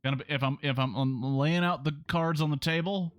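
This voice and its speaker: A man's voice: fairly high pitch, steady tone, a little fast, smooth, no room sound, soft background music. A man streaming a game, making wry, joking comments while reading aloud.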